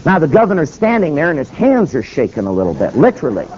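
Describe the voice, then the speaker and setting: A man's voice: fairly high pitch, huge pitch swings, fast, darkish tone, a little hiss or hum. A man preaching in storytelling style, acting out the dialogue as he goes, in a muffled recording with faint ambience. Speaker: preacher and attorney. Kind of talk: sermon storytelling.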